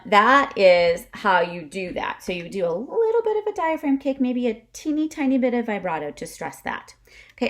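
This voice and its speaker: A woman teaching a music lesson to camera, chatty and often checking in with "okay?", demonstrating breath kicks with short huffs. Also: mid-range voice. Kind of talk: instrumental lesson video.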